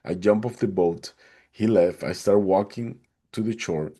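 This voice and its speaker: A man, a podcast guest, recounting a personal experience in an animated way and acting out the others' lines. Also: on the low side, a little slow, slightly rough. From Atlanta, Georgia, USA. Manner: animated, acts out the other people's lines in a raised voice. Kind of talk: personal storytelling.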